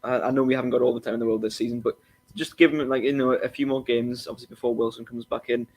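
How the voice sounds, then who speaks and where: A man with an ordinary mid-range voice weighs up players in a relaxed podcast chat. He hedges, repeats words and restarts his sentences as he thinks aloud. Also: mid-range voice, fast talker. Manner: hedging, repeats himself, many restarts. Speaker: podcast co-host. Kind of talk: casual football podcast chat.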